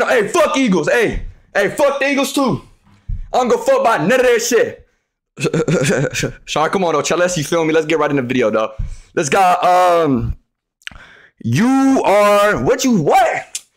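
A young man live streaming, loudly talking to his chat with profane, hyped trash talk and frequent shouting. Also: high-pitched, big pitch swings, moderate pace.

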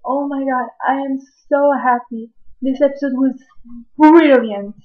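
A woman at home at night reacts to a TV episode on her webcam in an excited reaction vlog, gushing, exclaiming, and repeating herself over and over. Her voice is high with a steady tone and a measured pace, and the audio is narrow and tinny.

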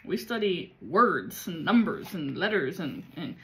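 A woman's voice: on the low side, very animated, a little slow. A woman giving a casual spiritual reading, blunt and full of profanity and street slang. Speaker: psychic reader.

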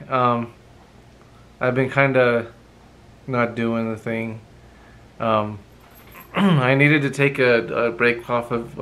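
A man's voice: mid-range voice, fairly bright tone. A man chatting casually in a morning vlog, rambling with lots of ums and reading dad jokes aloud. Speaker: vlogger.

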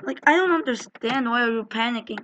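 Bright, giggly young woman gaming. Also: a little high, fairly quick, slight background noise. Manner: giggly, jokey, talks to viewers. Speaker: gaming channel host. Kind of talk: casual let's-play chat.

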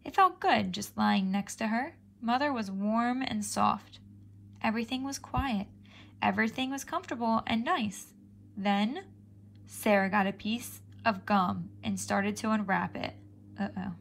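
A woman reading a children's chapter book aloud in an animated, expressive way. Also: mid-range voice, unhurried, creaky, slight background noise. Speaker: storybook reader.

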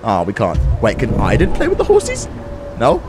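A young man, reacting loudly and swearing while narrating a video game. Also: medium pitch, brisk, over music. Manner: excitable, swears, mock accents. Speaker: gaming YouTuber. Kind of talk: let's play commentary.

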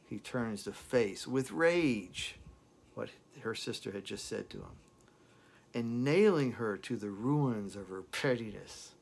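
A man reviewing a song, who recites its lyrics slowly and dramatically and repeats words as he talks. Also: on the low side, lively intonation, gravelly, husky. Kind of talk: impassioned lyric recitation and commentary.

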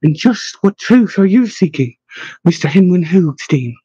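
A man's voice: high-pitched, lively intonation, measured pace, warm tone, breathy edge, no echo, dull audio, exaggerated voice. A man voicing a curious, direct young woman scholar in a storybook, in a raised, eager voice.

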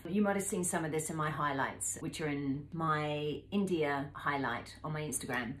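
A woman in her fifties with a lowish voice talks straight to camera, recounting a journey with lively, laughing energy and quick impressions of the people she met. Her voice rings off the walls of an echoey room, with a faint hum of background noise beneath it. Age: 50s. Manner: animated, laughing, acts out voices in her stories. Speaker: travel vlogger. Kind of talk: casual storytelling to camera.

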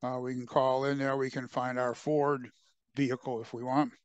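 A man presenting a software demo in a webcast, talking through his screen with frequent fillers and restarts. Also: medium pitch, level tone, clear, resonant tone, no room sound. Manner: halting, many fillers and restarts.

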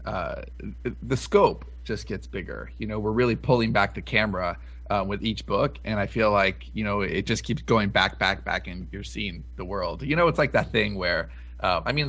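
A man co-hosts a podcast in an easygoing, playful way, teasing and musing out loud. His voice sits somewhat low. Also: normal speed, vocal fry. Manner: laid-back, playful. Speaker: podcast co-host. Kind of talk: casual podcast chat.

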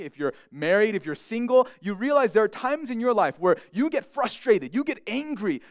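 A man's voice: high-pitched, no echo, studio quality. A young man preaching a sermon as pastor, speaking earnestly and often repeating words as he restarts a thought.

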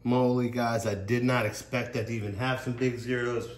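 A man's voice: medium pitch, fairly even intonation, a little fast. A man vlogging as he scratches lottery tickets, exclaiming to his viewers, tearful and overwhelmed, rambling as he talks. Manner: exclaiming, emotional, rambling, addressing viewers as y'all. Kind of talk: excited casual commentary. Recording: echoey room with background noise.

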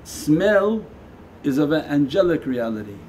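A man gives a spiritual lecture as a Sufi teacher at a meditation center. His voice is mellow and unhurried in tone, conversational, with quiet asides set against emphatic lines. A faint hiss sits under the recording. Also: a little high, big pitch swings.

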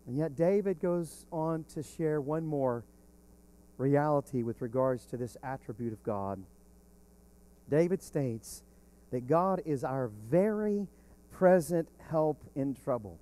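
A man preaching a sermon as pastor, slow and emphatic, swelling on key words. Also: fairly high pitch, dark tone.

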